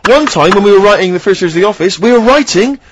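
A man's voice: high-pitched, lively intonation, rapid-fire, background noise. A man co-hosting a radio show, telling stories about his co-host in an exasperated, teasing way during casual banter.

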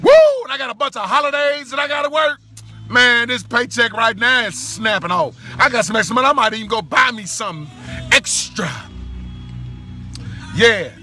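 A man recording himself in his car, talking in an exuberant, shouting, whooping way with preacher-like exclamations. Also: extremely high pitch, normal speed. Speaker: vlogger. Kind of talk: excited celebratory monologue. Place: inside a car. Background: faint music playing.

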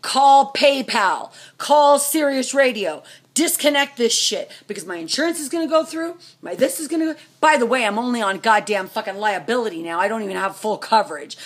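A woman in middle age unloads her anger in a profanity-laced vlog rant. Her voice is husky and sits a little high. She lurches from loud outbursts to low, muttered fury. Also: expressive, fast talker, hardly any pauses. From United States. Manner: furious, profane, swings between shouting and low muttering. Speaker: vlogger, trucker's wife. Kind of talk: angry venting rant to camera.

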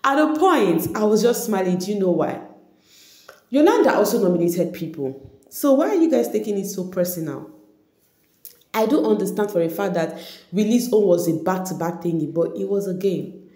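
A woman gossip vlogger talking casually to her viewers about a reality show, chatty and quick to laugh. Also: mid-range voice, expressive, dark tone. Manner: chatty, laughs often, addresses viewers directly. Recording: echoey room.

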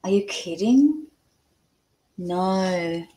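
Speaking extremely slowly, with lively intonation and a low, dark voice, an older Scottish woman with an Australian accent runs a relaxed live craft stream from home. She chats with viewers and ponders measurements aloud at her crafting table, captured by a camera there in poor audio.

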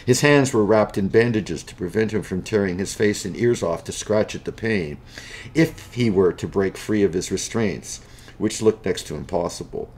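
A man narrating a spooky storybook tale in a dramatic, measured way. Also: on the low side, darkish tone, a little hiss or hum.

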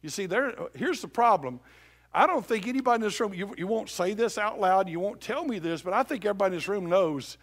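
A male pastor preaching a sermon in a church, dropping to a hush for scripture and rising to shouts. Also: high-pitched, expressive, fast. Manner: swings from hushed scripture reading to loud shouted exhortation. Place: church sanctuary.

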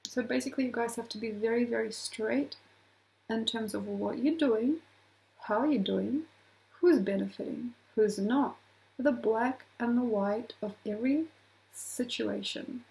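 A woman astrologer talking casually to her viewers, animated, acting out little quoted voices and laughing often. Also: fairly high pitch, measured pace, gravelly, low-quality recording. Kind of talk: casual astrology talk to camera.

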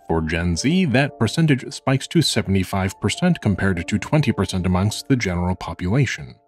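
Earnest man narrating a video essay. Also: fairly low pitch. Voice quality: slight vocal fry. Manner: measured, earnest and reflective.

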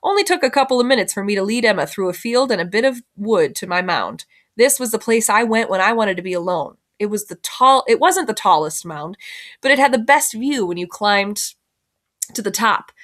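A woman's voice: medium pitch, expressive, fairly quick, a bit bright. Woman teacher reading a novel aloud. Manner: plain storytelling, self-corrections.

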